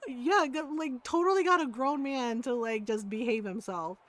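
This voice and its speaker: A woman streams a game from her home setup and chats casually with her viewers. Her voice sits somewhat high, and she tells stories with animated energy. She laughs often and acts out the people she quotes. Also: normal speed. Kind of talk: casual storytelling chat while gaming.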